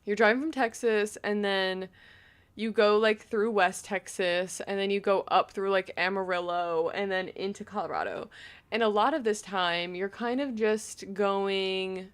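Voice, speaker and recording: A woman's voice: mid-range voice, a little slow, clear, resonant tone. A young woman from Long Island with a slight lisp, chatting casually and rambling while playing a game. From New York, Long Island. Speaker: gaming vlogger. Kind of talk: casual chat while gaming.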